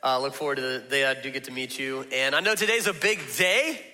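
A man's voice: mid-range voice, a little fast, pushed and bright, big-room sound. A man preaching a casual, storytelling sermon as pastor, talking conversationally and laughing at himself often. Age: adult with young children.

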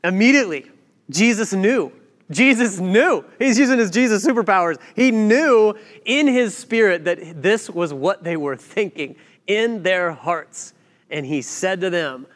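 A man preaching a sermon, telling a story with lively acted-out quotes and asides. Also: sits high, moderate pace. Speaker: pastor. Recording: long hall reverb.

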